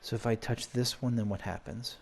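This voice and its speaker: A man's voice: mid-range voice, steady tone, fairly quick, vocal fry, a little hiss or hum. A man playing a video game, chatting and thinking aloud as he reads and explores. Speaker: game streamer. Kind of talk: let's play commentary and story reading.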